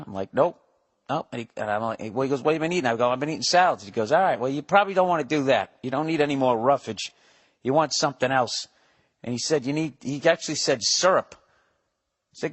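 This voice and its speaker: A man in his forties hosting a podcast, telling a profane comedic story solo, acting out voices in animated asides. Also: medium pitch, quick pace. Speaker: podcast host.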